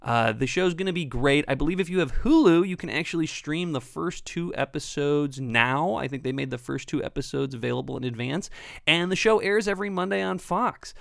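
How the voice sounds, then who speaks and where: A man's voice: fairly high pitch, brisk, creaky, a bit bright, dry recording, clean studio sound. A man co-hosting a casual comedy podcast, joking and self-deprecating in his banter. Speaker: podcast co-host.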